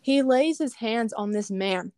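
A woman earnestly telling a personal testimony in casual conversation, animated and full of casual fillers. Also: fairly high pitch, measured pace, no echo, studio quality. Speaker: guest sharing a testimony.

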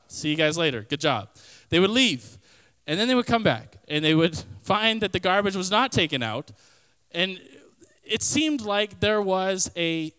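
A man's voice: high voice, a bit bright, smooth. A young man preaching a youth sermon in a casual, storytelling way, full of "like" and comic asides. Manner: frequent fillers like "like" and "kinda". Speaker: youth pastor.

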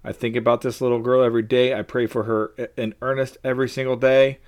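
A man's voice: mid-range voice, little pitch movement, fast. A man hosting a faith-based podcast, talking in an earnest, personal and openly emotional way. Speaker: podcast host.

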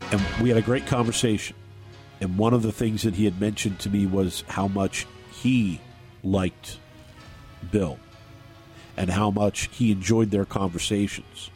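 A man hosting a talk radio show, speaking earnestly and haltingly, often restarting his sentences. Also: lowish voice, fairly even intonation, darkish tone, faint music behind. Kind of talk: talk radio, on-air remarks. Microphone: studio microphone.

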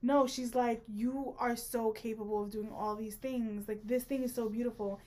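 A woman's voice: fairly high pitch, fairly even intonation, moderate pace, mellow. A woman co-hosting a casual book-club podcast, pushing back on points with wry jokes. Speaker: podcast co-host.

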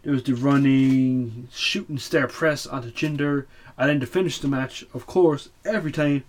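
A man's voice: medium pitch, fairly even intonation, moderate pace, slight background noise. A man hosting a casual show recap, blunt and opinionated, swearing often and full of fillers. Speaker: wrestling podcast host.

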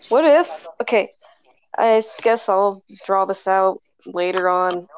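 A woman's voice: medium pitch, animated, takes it slowly, slight background noise, poor audio. A young woman chatting as a guest on a podcast call, giggling and filling gaps with "like" and "um". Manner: giggly, full of fillers. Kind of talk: casual group call chat. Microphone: online voice call.

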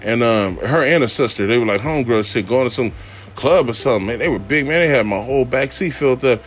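A man, a father and rideshare driver, telling a profane comic story, shouting high then muttering low. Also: animated, fast, slight background noise. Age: adult father.

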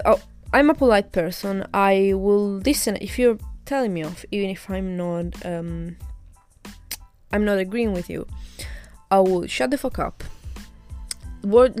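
A young woman with a mid-range, darkish voice hosts her own podcast in a casual storytelling monologue. She candidly retells a bad experience, sounding indignant and swearing now and then.

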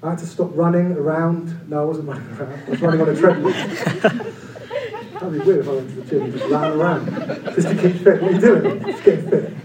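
Animated preacher man in echoey hall. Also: quick pace, background noise. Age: about 40. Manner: animated, conversational, humorous asides. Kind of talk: sermon. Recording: echoey room from far off, low-quality.

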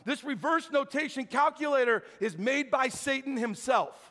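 A man's voice: extremely high pitch, normal speed. A man preaching a sermon as pastor, telling stories with acted-out dialogue. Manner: animated storytelling, acts out dialogue. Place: church sanctuary. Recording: hall reverb from church sanctuary.

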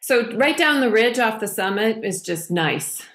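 A woman being interviewed, talking in a relaxed, chatty way and laughing often. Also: a little high, unhurried. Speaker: podcast guest, ski mountaineer. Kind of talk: casual interview chat.

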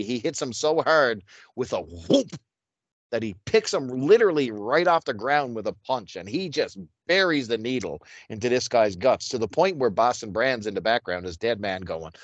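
A man's voice: medium pitch, dry recording. Easygoing, chuckling podcast co-host, a man. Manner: easygoing, chuckling, stammers into his points. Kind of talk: casual comic book podcast chat.

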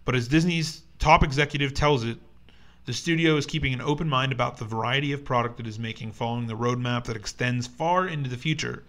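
A man's voice: medium pitch, fast talker, fairly bright tone. Young male podcast co-host, casual, rambling, filler-heavy. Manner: rambling with many fillers and restarts. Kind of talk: casual chat, reading news aloud.

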